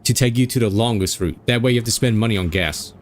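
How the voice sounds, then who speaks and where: A man's voice: medium pitch, fast, slight background noise. A man streamer chatting casually as he reacts to horror videos. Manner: chatty, lively commentary.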